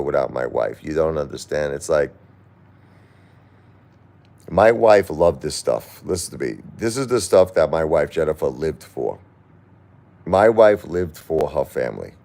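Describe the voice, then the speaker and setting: A middle-aged man on a live stream, talking through grief and reading viewer comments, halting and repeating himself, at times crying. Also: rumbling low, very animated, gravelly, a little mellow. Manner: halting, repeats words, grief-stricken and pleading. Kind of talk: emotional live-stream talk.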